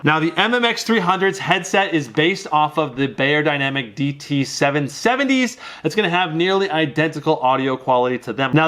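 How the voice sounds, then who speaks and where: A man with a slightly higher voice walks through tech products in a relaxed, upbeat review. He keeps it conversational and explains features in plain terms. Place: home streaming room.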